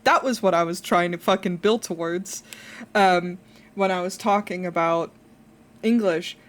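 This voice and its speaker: Streaming live in a relaxed chat, a Dutch native speaker from the Netherlands tells stories at an unhurried pace. Excitement makes her voice rise in pitch and volume, and casual swearing slips in.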